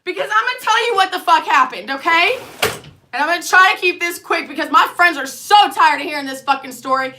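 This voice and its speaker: A woman, a nurse and lactation consultant, ranting heatedly to camera, swearing constantly and swinging from quiet asides to loud outbursts. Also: high-pitched, noisy background. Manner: swearing, heated, fast-shifting loudness. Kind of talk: profane ranting monologue to camera.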